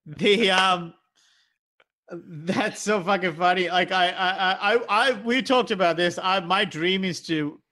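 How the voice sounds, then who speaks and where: A man's voice: high-pitched, unhurried, sharp tone, no echo. A man co-hosting a podcast in casual chat, laughing often, swearing casually and using lots of fillers. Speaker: podcast co-host.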